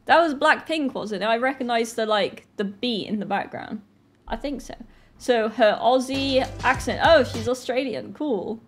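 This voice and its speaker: A woman's voice: fairly high pitch, moderate pace, soft background music. A woman in her twenties from Britain, chatting casually and laughing often as she reacts to a video. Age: 20s.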